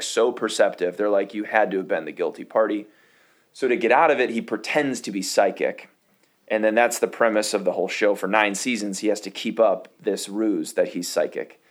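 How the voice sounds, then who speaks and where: A man co-hosting a podcast, rambling and correcting himself as he retells scenes from a show. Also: lowish voice. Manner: rambling, self-correcting storyteller. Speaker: podcast co-host. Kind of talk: casual chat.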